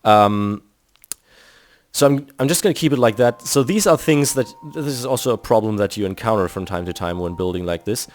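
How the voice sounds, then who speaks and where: A German man with a German accent hosts a video game building session, giving casual commentary as he thinks aloud and walks through each step. His voice is on the low side and a little fast. Faint music plays in the background.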